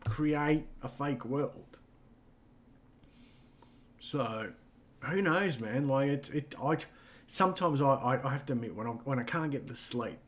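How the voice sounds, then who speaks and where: A middle-aged man talking loosely in a casual podcast chat. He rambles, circles back, fills gaps with "you know" and swears freely. His pitch sits in a plain middle range. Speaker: podcast co-host.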